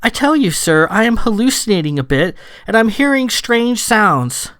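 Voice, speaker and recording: A man's voice: high-pitched, very animated, moderate pace, fairly bright tone, dry recording, studio quality, voice pushed up. A man voicing an anxious young countess. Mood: distressed. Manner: polite, pleading, increasingly flustered. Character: young noble woman countess, anxious and earnest.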